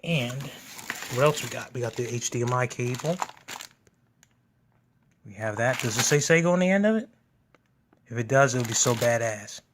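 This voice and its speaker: A man's voice: medium pitch, moderate pace, pauses often, slight background noise. A man hosting a gaming channel, giving casual, enthusiastic unboxing commentary at home. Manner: enthusiastic, gushing.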